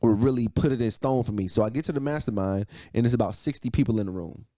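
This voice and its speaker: A man in his thirties telling a personal story in casual chat, animated and profane, repeating phrases for emphasis. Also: medium pitch, fast talker. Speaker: podcast guest, entrepreneur.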